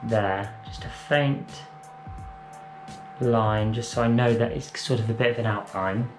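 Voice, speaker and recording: A man's voice: fairly low pitch, measured pace. A man chatting through a drag makeup tutorial at home, rambling, correcting himself and playful. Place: room at home. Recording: roomy echo, faint music.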